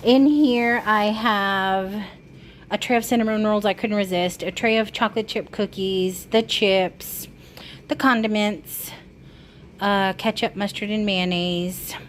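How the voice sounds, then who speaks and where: A woman's voice: medium pitch, fairly even intonation, a little slow, poor audio. A woman vlogging casually to her phone camera about a scam call she just got, chatty and anxious as she sets up a cookout by her grill. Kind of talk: casual vlog talking to camera. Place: outdoors by a grill. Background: wind and outdoor ambience.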